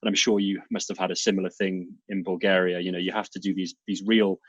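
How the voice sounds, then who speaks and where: A man in his thirties from South Wales with a Welsh accent, chatting as an interview guest in a relaxed, rambling way with ums. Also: low voice, fast talker, husky, dry recording, muffled recording. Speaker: guest, doctor turned nomad. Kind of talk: casual interview chat.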